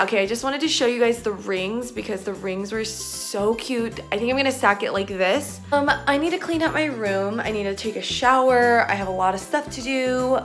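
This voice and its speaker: A woman's voice: medium pitch, fairly bright tone. A young woman vlogging at home in a chatty, casual way, full of filler words. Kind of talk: casual vlog chat.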